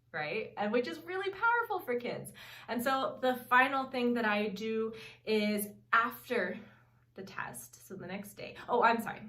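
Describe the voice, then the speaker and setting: A woman's voice: fairly high pitch, a bit bright. A woman in her thirties, a parenting coach giving casual advice, earnest and leaning on "really" for emphasis. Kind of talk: casual advice talk to camera. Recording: roomy sound, mic at a distance.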